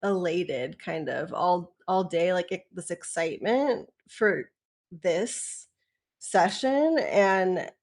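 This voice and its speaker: A woman's voice: on the low side, expressive, slow, darkish tone. A woman shares her experience with her spiritual group over a video call. She is gushing, giggly and heartfelt. She takes her time with her words. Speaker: community member. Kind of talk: casual group video chat.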